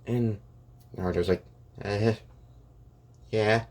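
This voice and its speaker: A man's voice: deep voice, unhurried, a little mellow, slightly rough. A young man improvising a rambling fan story aloud, full of restarts and "and he's like" asides. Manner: rambling, many restarts and "and it's like".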